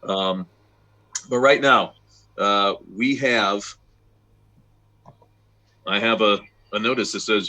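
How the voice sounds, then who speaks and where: A man's voice: on the low side, slow, pauses often, bright, forceful tone, low-quality recording. A man running an online tabletop game who rambles along with lots of fillers. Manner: rambling, many fillers, laughs easily. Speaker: game master.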